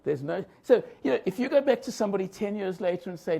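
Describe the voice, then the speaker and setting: High-voiced man with a gravelly edge. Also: expressive, quick pace, few pauses, warm tone. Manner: engaging, asks the audience questions. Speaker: leadership professor presenting a session. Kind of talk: lively lecture to a live audience. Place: conference room.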